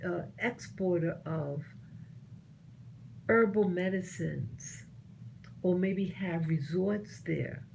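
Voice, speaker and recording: A woman speaks slowly and earnestly, her voice mellow and relaxed, pausing to restart her thoughts. A faint hum of ambience sits behind her. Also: fairly low pitch, gravelly, low-quality recording. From United States. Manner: earnest, halting, with many restarts. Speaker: vlogger sharing opinions. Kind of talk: personal commentary monologue.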